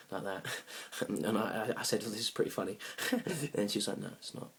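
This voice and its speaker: A young man telling a comic story about a bad date, awkward and rambling, now and then bursting into loud indignant rants. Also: lowish voice, fairly quick. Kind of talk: deadpan comic monologue.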